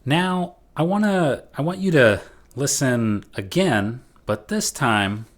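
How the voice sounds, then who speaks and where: Slow-talking male music teacher. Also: mid-range voice, animated, background noise. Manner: casual, patient, with frequent "right?" checks. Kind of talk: recorded slide lecture.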